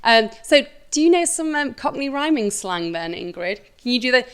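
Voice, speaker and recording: Woman, Yorkshire accent, high pitch, playful host, casual chat. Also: very animated, moderate pace, a bit bright, smooth. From Yorkshire, England. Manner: friendly, playful questioning. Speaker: interview host.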